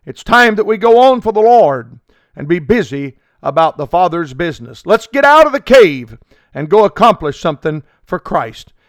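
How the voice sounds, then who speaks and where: A man preaching a radio sermon, halting with frequent filler sounds and rising to emphatic appeals. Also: high-pitched, sing-song, dry recording, clean studio sound.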